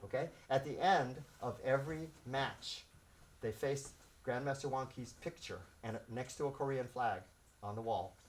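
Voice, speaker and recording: A man in his sixties who grew up in Los Angeles, a martial arts instructor telling stories to his students and acting out the shouts, laughing often. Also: medium pitch, moderate pace, slight background noise. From South Central Los Angeles. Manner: animated, acts out shouts and quotes, laughs often. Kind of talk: storytelling to students.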